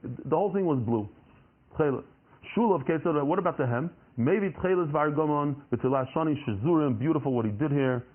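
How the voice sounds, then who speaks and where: A man teaches a Talmud lesson, explaining by posing questions and answering them himself. His voice is fairly high and fairly quick, and the recording sounds tinny, like a phone.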